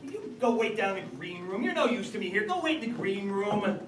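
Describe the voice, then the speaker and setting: A man's voice: high voice, sing-song, a little fast. An actor playing a harried, blustering middle-aged father of the bride on stage, heard from a distance in an echoey room with background noise. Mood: exasperated. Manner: blustering, exasperated. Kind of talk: stage play performance.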